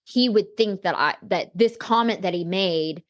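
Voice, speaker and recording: A woman with a medium-pitched voice talks at normal speed as a podcast interview guest. She shares a personal story reflectively and candidly, leaning heavily on "you know" and "like."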